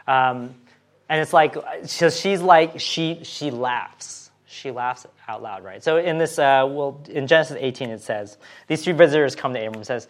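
Male preacher, conversational sermon, acts out the quotes, mid pitch.

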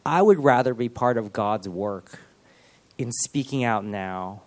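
A man's voice: medium pitch, a little slow. A man giving a sermon, speaking earnestly and with animation, often restarting his phrases. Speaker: preacher.

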